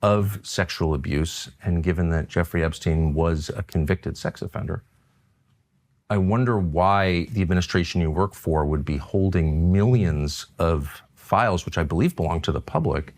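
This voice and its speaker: A man interviewing a guest, asking measured, pointed questions. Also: sits low, a little mellow. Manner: measured, pressing.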